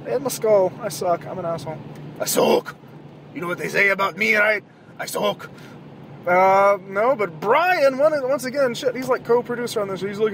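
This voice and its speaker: A podcast host talking in a rambling, profane monologue while driving at night, with loud outbursts now and then. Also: male voice, sits high, lively intonation, normal speed, slight background noise. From American South. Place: car at night.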